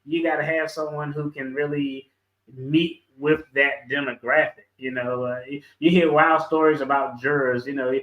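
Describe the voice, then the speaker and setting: A man with a fairly high voice tells stories in a relaxed, laughing way. He sounds like a lawyer chatting on a video call. His room carries a noticeable echo. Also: moderate pace, muffled recording. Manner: laid-back, chuckling storyteller. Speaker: guest lawyer. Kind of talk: casual video call chat.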